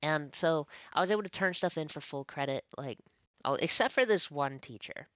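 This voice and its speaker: A woman's voice: low-pitched, moderate pace, no echo. Swearing storyteller woman, dull lo-fi mic. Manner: animated, swearing, acts out quoted dialogue. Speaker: streamer. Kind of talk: casual storytelling chat. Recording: dry, dull lo-fi stream audio.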